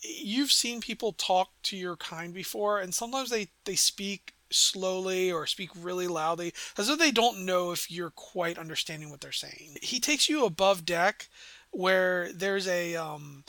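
Bright-voiced male game master. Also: high-pitched, a little slow, dry recording. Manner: rambling, lots of ums and likes. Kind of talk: narrating a tabletop game.

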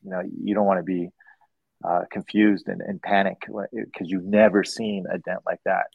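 A low, gravelly man rambles through a laid-back podcast chat, doubling back on his words as he goes. The sound is dull and dry, like a lo-fi recording with no room. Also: flat delivery, moderate pace, no room sound. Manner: rambling, repeats words, laughs easily. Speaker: host and dent repair trainer.

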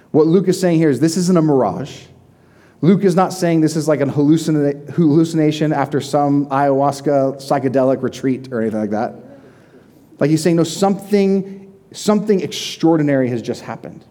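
Young male pastor, relaxed warm tone, chatty sermon with vivid retelling. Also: on the high side, moderate pace. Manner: conversational, vivid storytelling with frequent "like".

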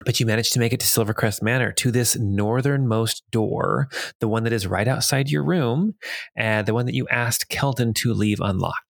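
A man's voice: medium pitch, moderate pace, gravelly, no room sound, clean studio sound. A man narrating a tabletop game as dungeon master, rambling with chuckling asides.

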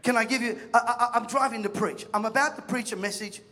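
A man preaches to a congregation, telling stories and acting out the people in them. His voice sits very high and rings bright and forceful. A long reverb from the hall trails his words. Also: fast. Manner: animated storytelling, acts out voices, jokes with the crowd. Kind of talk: sermon.

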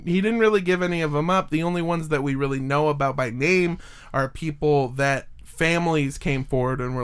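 Man, slightly high voice, casual podcast storyteller, swears a lot, rambling asides. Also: a bit bright, smooth. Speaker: podcast host telling a true-crime story. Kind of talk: casual chat.

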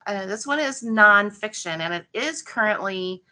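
An older woman, a retired school librarian, recommends books for middle schoolers. Her voice is bright and clear, and she pauses now and then to find her words. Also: medium pitch, lively intonation. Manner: eager, thinking aloud with pauses. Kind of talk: podcast book recommendations.

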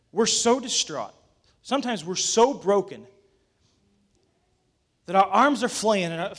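Bright high-voiced man preaching. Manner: storytelling, rising to urgent exhortation. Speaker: pastor. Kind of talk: sermon.

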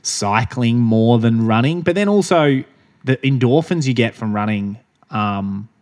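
A man's voice: mid-range voice, unhurried, a little mellow. A young man from Australia co-hosting a podcast in casual chat, rambling with frequent restarts and laughs. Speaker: podcast co-host.

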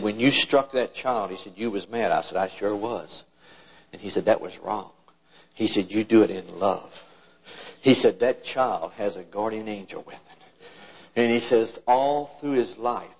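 A man's voice: on the low side, breathy edge. Older man telling folksy stories. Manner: folksy, plain-spoken, acts out his father's quotes. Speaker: preacher telling stories about his father. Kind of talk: folksy sermon storytelling. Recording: dull lo-fi church recording.

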